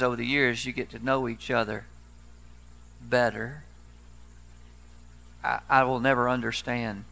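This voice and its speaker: A man's voice: medium pitch, vocal fry, pushed and bright. A man in his sixties, a pastor preaching a sermon in a folksy storytelling way with dry humor.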